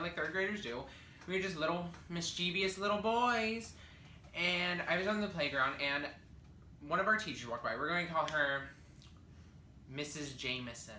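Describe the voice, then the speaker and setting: A young man tells a storytime vlog with sass and drama, his voice bright and forward. The room rings back with noticeable echo, and a faint ambient hum sits behind him. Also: a little high. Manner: sassy and animated, dramatic asides. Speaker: vlogger.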